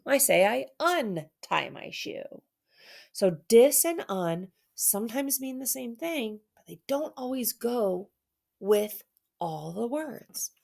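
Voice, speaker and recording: A woman's voice: on the high side, very animated, slow, vocal fry, darkish tone. A woman teacher giving an online reading lesson for children, playful and theatrical, with dramatic mock sadness.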